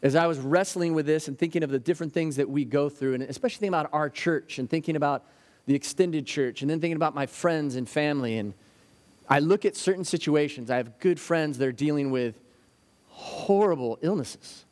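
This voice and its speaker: A man's voice: on the high side, a little fast, darkish tone. A man preaching a sermon as a pastor, earnest and story-driven, sometimes acting out the anxious voices of children. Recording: hall with long reverb.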